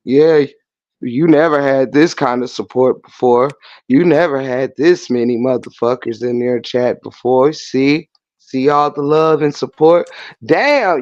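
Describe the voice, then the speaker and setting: A man's voice: a little high, dry recording, dull audio. A man giving sassy, profane commentary on online drama with a mocking, laughing manner. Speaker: livestream commentator.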